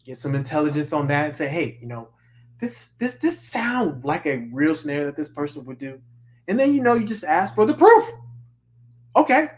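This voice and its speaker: A man teaching on a livestream, with lots of fillers and restarts. His voice sits a little high for a man. He talks straight to his students and keeps circling back to the same point. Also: sing-song, moderate pace, a little hiss or hum. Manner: informal, repeats himself, frequent fillers. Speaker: course instructor. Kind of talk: casual livestream lecture.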